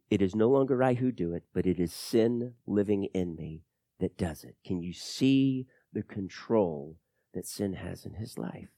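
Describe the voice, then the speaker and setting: A man preaching a sermon as pastor, teaching through scripture and swinging between loud emphatic lines and soft, low drops. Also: animated, measured pace, no room sound, clean studio sound.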